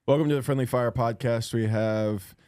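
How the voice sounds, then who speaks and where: A male podcast host with a relaxed, wry way of talking, sitting in the middle pitch range. The recording is dry and close, with no room sound. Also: moderate pace, clean tone, dry recording. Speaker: podcast host, stand-up comic. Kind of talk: casual chat.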